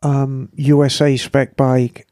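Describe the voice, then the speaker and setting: A woman co-hosting a podcast, chatting casually in an animated, gushing, jokey way. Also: a bass voice, takes it slowly, dry recording. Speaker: podcast co-host. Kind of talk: casual chat.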